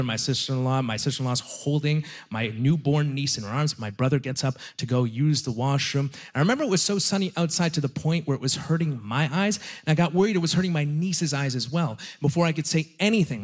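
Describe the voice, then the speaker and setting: A young adult man doing a stand-up comedy set, self-deprecating and given to emphatic repetitions. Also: medium pitch. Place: comedy club stage, live audience.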